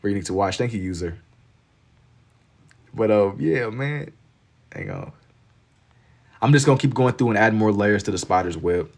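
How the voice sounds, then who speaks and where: A man's voice: on the low side, expressive, a little fast, pauses often, a little mellow. A man from Kentucky with a Southern accent, chatting casually and rambling with lots of "like" while he draws on a live stream. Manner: laid-back, rambling, heavy on filler "like".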